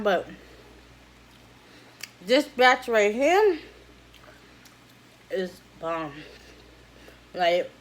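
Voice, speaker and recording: A woman vlogs her dinner in an easy, unhurried way, her voice sitting a little on the high side. She fills the pauses with satisfied humming while chewing. Her talk is casual and slangy, picked up close to the mic. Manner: chatty, slangy, talks between bites with lots of mm sounds. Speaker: mukbang vlogger. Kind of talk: casual eating vlog.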